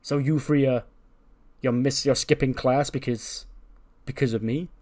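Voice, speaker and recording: A man's voice: mid-range voice, steady tone, unhurried, a little mellow, close to an everyday voice. A man voicing an exasperated male teacher who stammers in indignation. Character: exasperated male wrestling teacher, flustered and stern.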